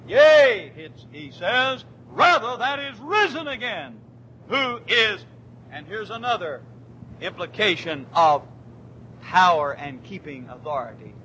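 A man preaches a fervent sermon in a high, bright voice. He drops to near-quiet, drawn-out phrases, then rises to shouted declarations. A faint rumble sits behind him in the church. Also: poor audio.

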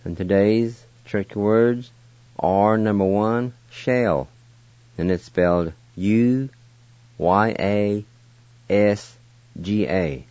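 Male radio language teacher, slow and patient, low voice, dry dull lo-fi sound. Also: a little mellow, no echo. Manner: patient, encouraging, spells letter by letter. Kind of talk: slow spelled-out word lesson.

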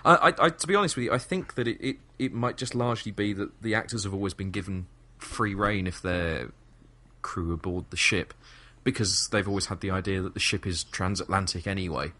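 A British man co-hosts a relaxed podcast conversation. His voice sits low but has a bright edge. He talks in quick bursts with frequent restarts. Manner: chatty, restarts often, bursts into mock cockney voices. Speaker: podcast co-host. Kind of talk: casual chat.

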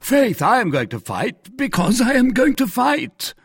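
A man's voice: medium pitch, wildly swooping pitch, slow, a bit bright, husky, voice pushed up, full character voice. A man doing a gigantic blustering musketeer. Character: huge blustering male musketeer, hot-headed.

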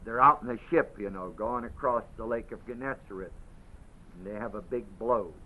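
A man preaching a sermon, moving from quiet explanation to loud, dramatic quoting of scripture. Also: on the low side, moderate pace. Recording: dull lo-fi audio.

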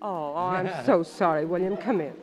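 A woman's voice: fairly low pitch, moderate pace. A woman co-starring in a 1940s radio comedy, exasperated and scolding. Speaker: co-star playing the wife. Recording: hissy old radio broadcast.

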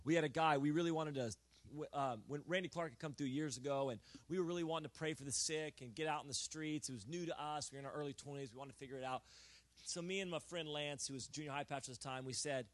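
Man, pastor, sermon, storytelling, fervent exhortation, slightly high voice, dry close sound. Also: fast talker, dry recording. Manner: storytelling, acting out dialogue, building to loud exhortation.

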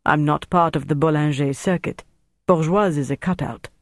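A man's voice: a little high, moderate pace, dry recording, studio quality, lightly acted. A man voicing a commanding German intelligence major who barks orders. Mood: terse, controlled.

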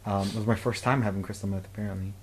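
A man's voice: fairly low pitch, steady tone, racing, a little hiss or hum, low-quality recording. A man in his twenties co-hosting a casual podcast, telling long rambling stories full of fillers and "like". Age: 20s. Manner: rambling storyteller, many fillers and "like". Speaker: podcast co-host.

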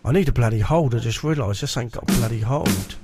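A man's voice: medium pitch, brisk, over loud music. A man on a stream, muttering to himself and repeating words as he tunes his mic and EQ. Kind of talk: casual live-stream chat.

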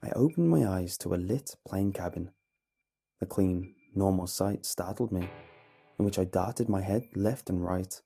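A man narrating a horror story in a measured, dramatic way over a faint music bed. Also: deep voice, gravelly, warm tone, breathy edge.

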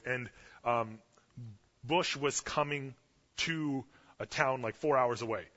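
A man in his thirties from Canada, preaching a sermon as pastor in an animated, casual storytelling way. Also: mid-range voice. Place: church sanctuary. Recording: dull lo-fi audio with long church reverb.

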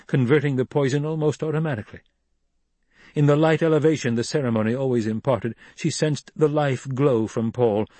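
A man reading an audiobook in measured, even scripted narration. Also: mid-range voice, dry recording.

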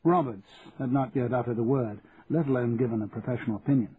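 A man's voice: medium pitch, fast talker, few pauses, slightly rough. Male audiobook narrator, tinny sound. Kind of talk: scripted narration. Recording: tinny lo-fi audio with faint hiss.

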